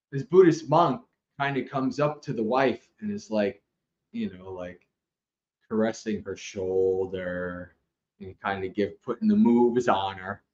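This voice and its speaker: A man teaching Dhamma on a livestream, telling a story with lively asides and frequent laughs. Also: mid-range voice. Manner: animated storyteller, laughs often, loose asides. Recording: roomy, slightly dull livestream audio.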